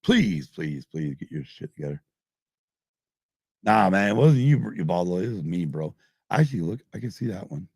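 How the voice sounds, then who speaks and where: A man's voice: lowish voice, vocal fry, a little mellow, husky, dry recording, studio quality. A middle-aged man hosting a podcast live stream, rambling and swearing constantly while drinking. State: drinking, tipsy. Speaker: podcast host. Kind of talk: casual live-stream chat.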